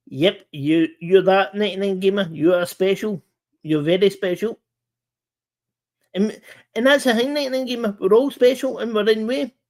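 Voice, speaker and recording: A man with a high-pitched voice runs a casual live-stream chat, talking sincerely in fits and starts with many restarts and repeated words.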